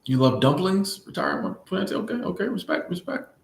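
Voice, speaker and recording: A man's voice: high voice, a little fast, vocal fry. Laid-back guy chatting with his stream, goofy and repeating himself, kinda echoey room. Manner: relaxed, playful, repeats phrases, laughs often. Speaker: livestream host answering chat. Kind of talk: casual live chat.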